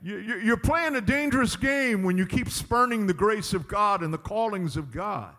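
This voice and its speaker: A man preaches in a church sanctuary, emphatic and repetitive, pushing the congregation with call-and-response lines. His high, bright voice is animated and forceful, at a moderate pace with hardly any pauses, under long hall reverb.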